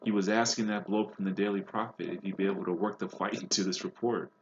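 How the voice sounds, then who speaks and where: A man reading aloud and voicing a cheeky teenage boy wizard who talks quickly. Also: deep voice, steady tone, highs cut off, slight background noise.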